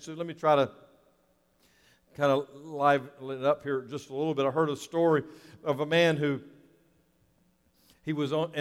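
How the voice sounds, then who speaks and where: Earnest preacher with a higher voice in a reverberant hall. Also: male voice, smooth. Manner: earnest, repeats key phrases. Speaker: pastor. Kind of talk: sermon.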